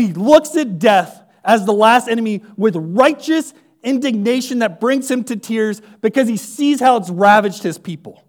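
A man preaching a sermon, moving between hushed near-whispers and loud, fervent emphasis, building with repeated phrases. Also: high-pitched, lively intonation, moderate pace, hardly any pauses.

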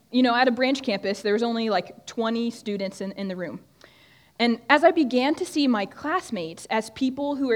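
A young woman giving a conversational Bible talk to a group, often restarting her sentences. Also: medium pitch. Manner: conversational, with frequent restarts and fillers. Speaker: student ministry speaker. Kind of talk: sermon-style Bible teaching. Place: room with a group of listeners.

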